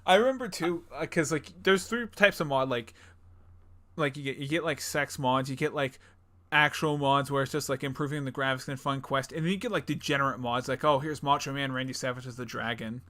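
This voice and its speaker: Bright-voiced young man, rambling and laughing. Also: on the high side, fairly quick. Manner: rambling, laughs often, acts out game characters. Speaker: podcast co-host. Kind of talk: casual chat.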